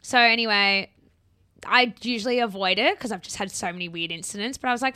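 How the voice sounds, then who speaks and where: A woman's voice: mid-range voice, lively intonation, brisk, bright, forceful tone, clean tone, no echo, studio quality. A young woman with an Australian accent, casually telling a story as a podcast co-host, chatty and swearing freely.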